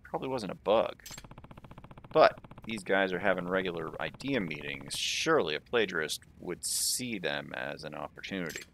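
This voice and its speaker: A man's voice: sits low, animated, normal speed, fairly bright tone, a little hiss or hum. A man voicing a curious young male detective in a fan game dub, asking probing questions. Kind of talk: fan voice-over of a game scene.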